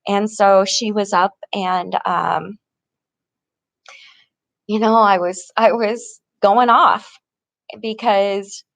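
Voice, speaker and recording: A woman rambles through a casual personal vlog, breaking into laughter now and then. Her voice sits at an ordinary middle pitch. The recording is close and dry, with no room around it. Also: no room sound. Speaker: vlogger. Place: tent in an encampment.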